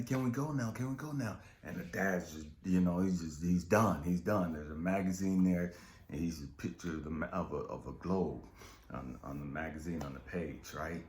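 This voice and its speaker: A man's voice: sits low, a little mellow. A man, a spiritual coach, telling a motivational story in a street-casual, profane way, often checking in with his listeners. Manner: street-casual, profane, keeps asking "you know what I mean". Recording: roomy echo.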